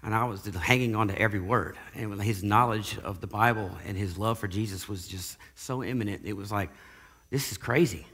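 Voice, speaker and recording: A man giving a casual spoken testimony, halting and often repeating words as he goes. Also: fairly low pitch, fairly even intonation, sharp tone, husky, big-room sound. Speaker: guest sharing recovery testimony.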